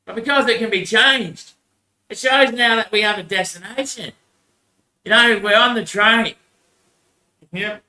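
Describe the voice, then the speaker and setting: A man's voice: high-pitched, measured pace, pauses often, pushed and bright, reverberant, rough recording. A young man, rambling crudely in a religious monologue and laughing often. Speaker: vlogger.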